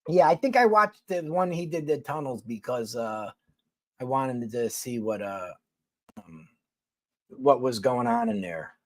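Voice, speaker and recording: A man's voice: mid-range voice, lively intonation, slow, long pauses, no room sound. Profane Philly-accented guy on a livestream. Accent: Philadelphia. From New York City. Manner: profane, rambling, blunt. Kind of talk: casual livestream chat answering viewers.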